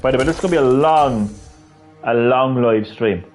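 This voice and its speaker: A man's voice: mid-range voice, moderate pace, soft background music. A man live-streaming a video game, with rambling, profane, ranting commentary.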